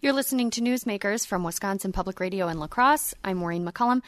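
A woman hosts a public radio interview, asking her questions in a measured, inquisitive way. Her voice is mid-pitched and sounds close and dry. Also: no room sound. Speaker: radio host.

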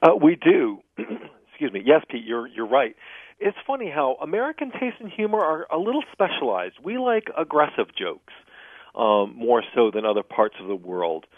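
Male phone-in guest, expressive delivery, tinny dry line. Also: medium pitch, normal speed, no echo. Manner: animated explainer, tells jokes and laughs at them. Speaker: guest humor expert. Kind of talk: radio interview by phone.

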